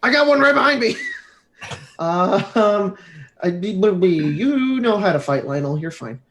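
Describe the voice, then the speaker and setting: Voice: mid-range voice, lively intonation, measured pace. A player in a tabletop game, talking in a brash way, swearing and laughing often.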